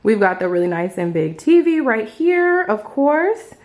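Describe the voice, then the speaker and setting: A young woman vlogging a hotel room tour in an excited, chatty way, full of playful slang, filmed on a handheld phone. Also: a little high, unhurried. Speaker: travel vlogger. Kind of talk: casual vlog room tour.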